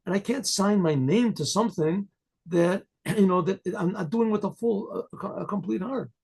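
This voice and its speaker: A man voicing a gentle old holy rabbi who speaks softly and hesitantly, full of sorrow. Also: sits high, normal speed, vocal fry, breathy edge, exaggerated voice.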